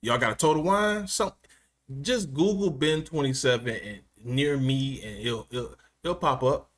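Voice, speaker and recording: A man's voice: medium pitch, unhurried. A man live-streaming from his gaming chair at home, chatting casually with viewers, joking and laughing often.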